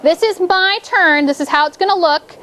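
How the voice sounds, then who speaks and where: A woman's voice: very high voice, normal speed, fairly bright tone. A woman teacher leading a classroom phonics lesson, upbeat and coaxing, making the drill into a playful points game.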